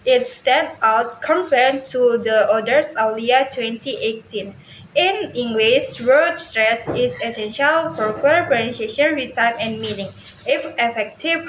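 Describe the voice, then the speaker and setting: A woman reads a class presentation aloud, slowly and haltingly, restarting some words. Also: on the high side, slight background noise. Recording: echoey room, faint ambience.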